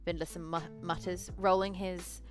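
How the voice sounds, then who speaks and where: A woman with a fairly low voice narrates a tabletop role-playing session in the second person. She keeps a casual, easy tone and corrects her own slips along the way. Quiet music plays faintly behind her. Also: level tone, normal speed. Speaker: game master and narrator. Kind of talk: solo tabletop game narration.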